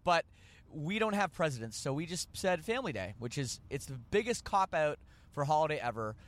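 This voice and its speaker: A man's voice: mid-range voice, fairly bright tone. A man hosting a podcast, rambling and joking as he corrects himself mid-sentence. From Canada. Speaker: podcast host. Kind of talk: casual podcast chat.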